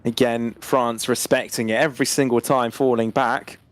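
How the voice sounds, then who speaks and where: An esports caster giving expressive live color commentary with quick reactions. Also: medium pitch.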